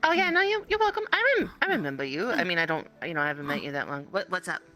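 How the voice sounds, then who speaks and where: A woman's voice: fairly low pitch, very animated, fast, bright, forceful tone, faint music behind. A woman in an online roleplay, playing a character and narrating as game master, stammering and rambling as she talks. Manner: stammering, rambling, restarts a lot. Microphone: online voice chat.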